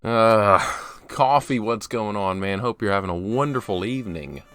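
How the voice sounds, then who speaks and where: A man's voice: lowish voice, normal speed, a bit bright, smooth. A man streaming a video game live, chatting casually, greeting viewers by name and poking fun at himself. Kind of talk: casual live gameplay commentary.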